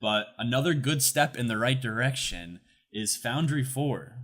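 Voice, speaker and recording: A man's voice: mid-range voice, lively intonation, unhurried, a bit bright. Chatty young man co-hosting an esports recap. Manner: chatty, many fillers and restarts. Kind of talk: casual chat.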